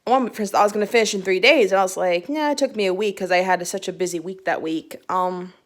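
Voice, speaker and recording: Talking fast in a mid-range voice, a young woman vlogs about the books she read, speaking casually into her phone camera. She giggles, rambles, and often starts over.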